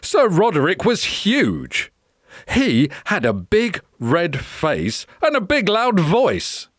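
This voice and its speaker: A woman reading a children's picture book aloud in an expressive storytelling manner. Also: lowish voice, slow pace, no echo, studio quality.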